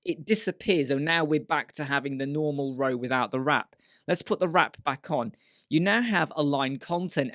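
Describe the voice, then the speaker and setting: A man talks through a screen-share web design lesson, casual and step by step, now and then voicing a viewer's doubts. His voice sits a little high for a man. The recording is close and dry, with no room sound. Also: a bit bright, no room sound. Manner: chatty, explains step by step, voices imagined viewer questions. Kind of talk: screen-share software tutorial.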